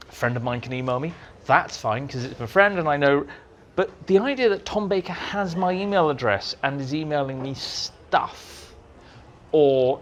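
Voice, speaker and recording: A man, a writer being interviewed at a fan society, telling lively anecdotes and mimicking people in squeaky voices. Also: slight background noise. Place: room at a fan society meeting.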